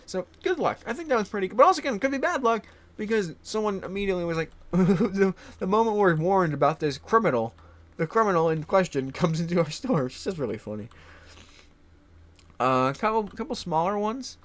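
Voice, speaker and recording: Animated young man telling stories. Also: fairly quick. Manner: laughing often, swearing, animated swings into high put-on voices. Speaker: gaming vlogger. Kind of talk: casual storytelling chat.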